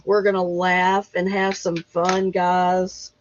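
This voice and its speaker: A woman hosts a relaxed livestream, greeting viewers by name and talking at an unhurried pace. She laughs easily and keeps it chatty. The stream audio is dull and lo-fi. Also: fairly low pitch, slight background noise. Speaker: livestream host. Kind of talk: casual live chat.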